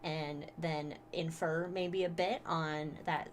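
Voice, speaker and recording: Playful woman host with a low voice. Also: fairly even intonation, slow, a little hiss or hum. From Northern California. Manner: playful, jokes and does silly voices. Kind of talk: casual podcast chat.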